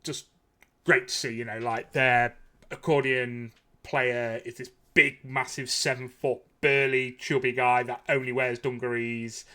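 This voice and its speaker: A man in his thirties hosts a podcast in easygoing, rambling chat. His voice is bright and forceful, and he runs his stories together with fillers. He sounds eager and enthusiastic. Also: mid-range voice, little pitch movement, unhurried. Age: 30s. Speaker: podcast host. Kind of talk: casual chat.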